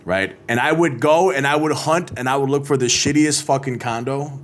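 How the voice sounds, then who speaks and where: A man's voice: medium pitch, moderate pace. A man co-hosting a casual podcast, telling profane stories with lots of laughter. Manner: swearing, storytelling, laughs a lot. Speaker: podcast co-host. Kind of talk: casual chat. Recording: echoey room with faint ambience.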